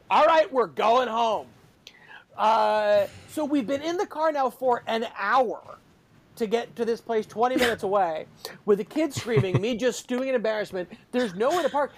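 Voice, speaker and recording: A man in his forties, casually telling a story about his kids and acting out their shouting. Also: extremely high pitch. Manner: animated, acts out shouting kids. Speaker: parent telling a family story.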